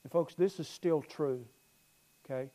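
Pastor mid-sermon, a man with a warm, mellow voice pitched a bit high, building to loud peaks and falling back quiet. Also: unhurried. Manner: earnest preaching, swells loud then drops low; repeats words and restarts phrases.

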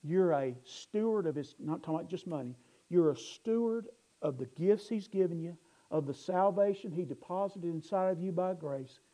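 A man's voice: high-pitched, normal speed, dark tone, poor audio. Earnest preacher man. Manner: earnest preaching, rising to emphatic bursts, restarts words. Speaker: pastor. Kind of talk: sermon.

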